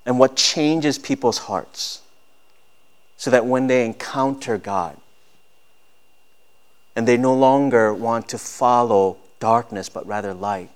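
A pastor in his thirties delivers a sermon in an earnest way, building to emphatic high points. His voice is smooth and clear, sitting at a middle pitch for a man. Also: slow, long pauses. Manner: earnest preaching, rising to emphatic peaks.

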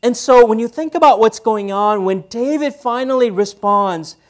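A man's voice: high-pitched, normal speed. A man in his thirties preaching a sermon as pastor, speaking conversationally and asking the audience questions.

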